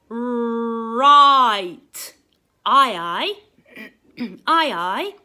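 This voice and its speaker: A woman teaching a phonics lesson to young children, sounding out letters slowly in a sing-song, exaggerated way. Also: lowish voice, bright, forceful tone.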